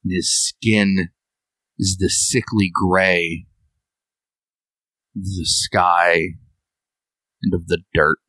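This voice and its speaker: A man narrating as game master, describing a scene in slow, drawn-out phrases. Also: low voice, flat delivery, bright, forceful tone, no room sound, low-quality recording.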